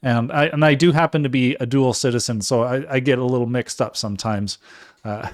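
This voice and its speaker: A man's voice: medium pitch, fairly even intonation, brisk. A man hosting a live music stream, upbeat and jokey, laughing often as he chats with a guest. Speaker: livestream host. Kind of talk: casual live show hosting.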